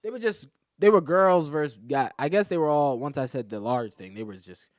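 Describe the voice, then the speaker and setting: Man, comedian guest, casual storytelling, very lively pitch, dry sound, acts out quotes, laughs often. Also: a little fast, no echo. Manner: animated, acts out other people's lines, laughs a lot.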